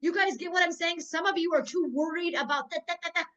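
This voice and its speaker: Over a rough recording, this woman's very high-pitched voice races along as she trains a network marketing sales team by video call. She tells energetic stories and frequently pauses to make sure her listeners are with her.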